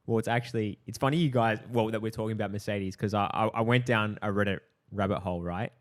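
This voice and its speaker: A podcast host with a lowish voice talks fast with fairly even intonation. He's in a casual chat with friends, laughing often and swearing freely.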